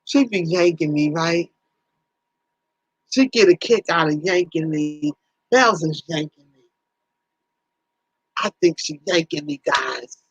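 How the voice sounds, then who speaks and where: A woman's voice: low-pitched, animated, slow, pauses often, breathy edge, dry recording, low-quality recording. A woman hosting a casual livestream, talking animatedly with viewers, teasing them by name and exclaiming often. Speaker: livestream host.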